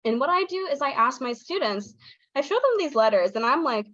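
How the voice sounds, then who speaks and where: A woman presenting a pronunciation lesson online, explaining sounds clearly and acting out her students' replies. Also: high voice, big pitch swings, brisk, a bit bright, dry recording, muffled recording. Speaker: teacher trainer. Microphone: video call.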